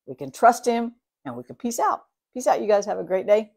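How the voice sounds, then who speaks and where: A middle-aged woman hosting a morning devotional, speaking earnestly and expressively, sometimes dropping to a soft whisper. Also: medium pitch, animated, brisk. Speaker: devotional host.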